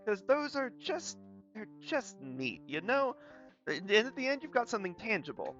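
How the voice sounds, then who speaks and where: Young man, light Southern accent, rambling and folksy, bright tense voice, dull recording with faint guitar music. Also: sits high, very animated, moderate pace. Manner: rambling, self-deprecating, folksy. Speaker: art streamer. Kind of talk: casual chat while drawing.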